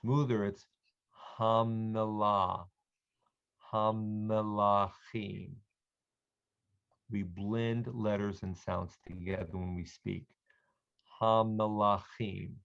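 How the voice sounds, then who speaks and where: A man leads an adult Hebrew reading class over a video call, sounding out each word slowly and patiently so his students can echo it. His voice is low and smooth. The call audio is slightly dull and muffled. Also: fairly even intonation. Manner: slow, patient, sounding out words for learners to repeat. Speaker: Hebrew teacher. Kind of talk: online adult language lesson.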